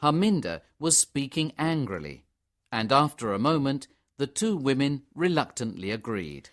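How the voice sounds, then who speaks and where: A man's voice: mid-range voice, very animated, moderate pace. Man narrating a graded reader story.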